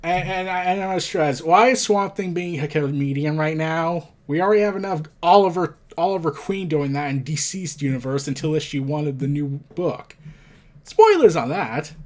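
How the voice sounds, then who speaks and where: A man with a voice pitched a little higher than most, talking in a loose, rambling way as he reviews a comic. He reads lines aloud and keeps stumbling into side remarks. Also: normal speed, a little mellow. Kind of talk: casual commentary reading a comic aloud.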